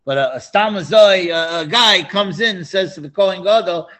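A man teaching a Torah class, animated and prone to restarts and asides. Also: sits high, a little fast, few pauses. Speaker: Bible teacher.

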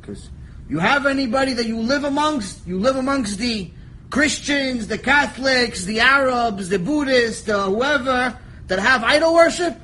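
A man teaching a Torah lecture, animated storytelling that jumps between quiet asides and shouted lines, joking with his listeners. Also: extremely high pitch, unhurried, breathy edge, rough recording. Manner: animated storytelling, acts out voices, jokes, shouts for emphasis. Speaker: rabbi teaching a lecture series.

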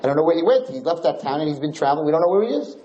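A man's voice: fairly high pitch, expressive, racing, mellow, echoey room, lo-fi sound, a little hiss or hum, pitched above the performer's own voice, close to an everyday voice. A man playing a pleading, grieving king. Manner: pleading, emotional. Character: grieving old king pleading with his lost son.

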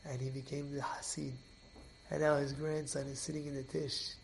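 A man teaching a Torah class as an animated storyteller who repeats and restarts his phrases. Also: a little high, moderate pace, gravelly.

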